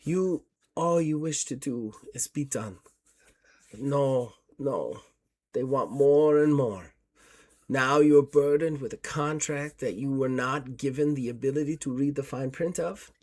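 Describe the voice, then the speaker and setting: Ghostly French temptress, soft and breathy, coaxing, as a male game master puts her on. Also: medium pitch, a little slow, lightly acted. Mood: sorrowful, coaxing. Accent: French, put on. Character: beautiful ghostly French woman, seductive, whispering in the mind.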